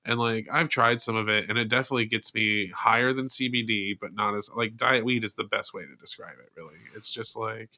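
A man's voice: lowish voice, steady tone, sharp tone. A man in laid-back casual chat, swearing freely and drawing out his stories. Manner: laid-back, profane, drawn-out storytelling.

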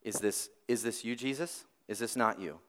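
A man preaching a weekend sermon, lively and conversational, with restarts and dramatic swings between loud and soft. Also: fairly low pitch, normal speed, a little hiss or hum. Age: adult parent. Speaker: pastor.

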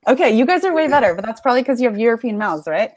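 A woman's voice: a little high, very animated, rapid-fire, darkish tone, dry recording. A young American woman chatting casually on a podcast, a bubbly storyteller who laughs often. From United States. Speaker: podcast guest. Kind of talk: casual chat.

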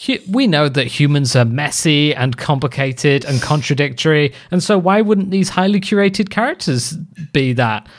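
Podcast co-host, video call, casual chat, relaxed, agreeable, mid-pitched. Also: moderate pace, few pauses.

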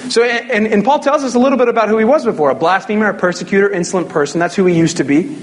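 A man's voice: sits high, racing, slight background noise. A young man preaching a sermon as a pastor, in a casual, conversational way with jokes.

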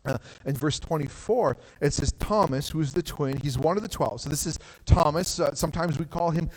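A man's voice: fairly high pitch, a little fast. Guy pastor preaching on a church stage, chatty, lots of "like", hall reverb trailing. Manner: conversational preaching with frequent "like" and restarts. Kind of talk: sermon.

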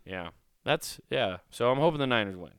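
Rambling, cursing podcast host. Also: male voice, medium pitch, expressive, normal speed, clear, resonant tone, dry recording, clean studio sound. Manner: rambling, profane, restarts often. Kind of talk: casual solo podcast monologue. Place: small recording room.

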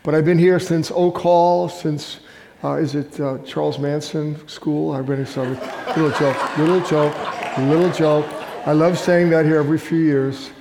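A man's voice: fairly high pitch, steady tone, normal speed, vocal fry, mellow, a little hiss or hum. Older man preaching in an echoey hall. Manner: chatty storytelling with self-deprecating jokes. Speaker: guest pastor. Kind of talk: sermon. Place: large church hall.

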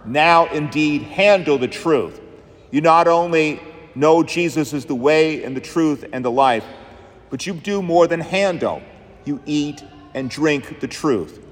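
A male pastor preaching a sermon in an emphatic, rhythmic style, leaning on repeated phrases. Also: mid-range voice. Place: church. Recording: long church reverb.

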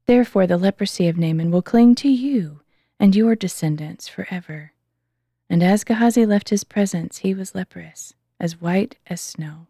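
A woman reading scripture aloud in a calm, measured way, slowing down for the quoted speech. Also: mid-range voice, breathy edge, no room sound, studio quality. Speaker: Bible reader.

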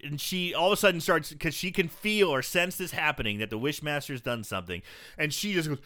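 A man's voice: fairly high pitch, fairly quick. A man co-hosting a casual podcast, recapping a movie with lots of laughs and acted-out lines. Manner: animated, laughs often, acts out scenes in voices. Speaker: podcast co-host.

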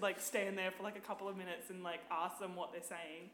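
A young Australian woman, appearing as a podcast guest, chats casually in a lowish, brisk voice, animated and swearing freely with plenty of "like." The room is echoey, with slight background noise.

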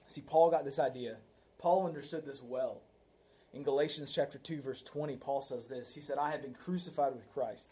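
Warm in tone and medium in pitch, this man's voice belongs to a pastor giving a sermon. His style is conversational, with frequent "right?" tags on his points. He tells a story to drive them home.

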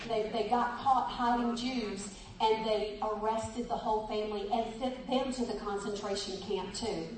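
A woman's voice: mid-range voice, steady tone, moderate pace, darkish tone. A woman preaching a sermon, exuberant and laughing, reading a story aloud and talking straight to her listeners. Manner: exuberant, laughing, speaks to the congregation directly. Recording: echoey room from far off.

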